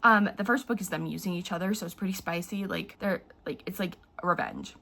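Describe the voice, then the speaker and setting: A woman's voice: on the low side, fairly quick, creaky, sharp tone, slight background noise. A young woman chatting casually in a book vlog, emotional and teary, rambling with lots of fillers. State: teary from crying. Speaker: book vlogger.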